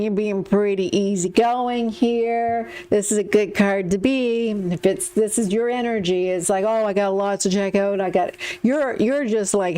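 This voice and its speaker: A woman's voice: medium pitch, warm tone. Chatty woman reading tarot cards. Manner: chatty, repeats herself, acts out quotes. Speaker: tarot reader.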